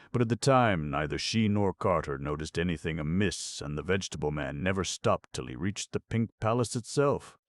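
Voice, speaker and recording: A man narrating a children's audiobook, reading with lively animation. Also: very deep voice, no echo, studio quality. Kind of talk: storybook narration.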